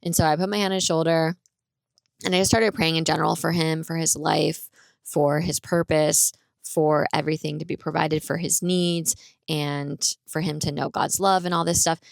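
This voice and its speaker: A woman talks through a personal story on her podcast, casual and rambling, with "like" dropped into nearly every sentence. Her voice sits somewhat low and has a gravelly, fry-tinged texture. The sound is dry and close, with no room echo. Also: little pitch movement, normal speed. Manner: chatty, rambling, fills speech with "like". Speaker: podcast host.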